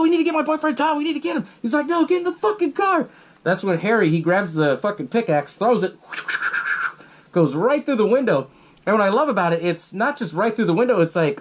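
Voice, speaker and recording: A young man hosts his podcast, retelling a horror movie with loose, profane energy. His voice sits a bit high and swings widely in pitch. He keeps jumping into the characters' lines as he goes. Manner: profane, animated retelling with acted-out quotes. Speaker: podcast host. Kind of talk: casual film recap.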